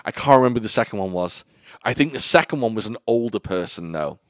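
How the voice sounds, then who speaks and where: A man's voice: on the low side, lively intonation, fast talker, dry recording, studio quality. A man co-hosting a podcast, chatting casually and telling rambling, self-amused stories. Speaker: podcast co-host. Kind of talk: casual chat.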